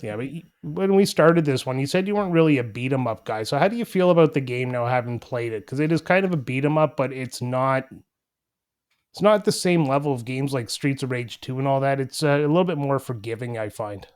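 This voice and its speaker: A man's voice: medium pitch, a little fast, smooth. A man co-hosting a retro gaming podcast, chatting casually and joking with his co-host. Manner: relaxed, jokey, reads game summary from notes.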